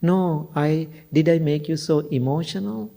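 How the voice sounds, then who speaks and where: A woman's voice: low voice, a little slow, vocal fry, dark tone, full character voice. A monk voicing a tearful, pleading woman. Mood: apologetic. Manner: apologetic, then hurt and insistent. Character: distressed grieving woman visitor, tearful and pleading.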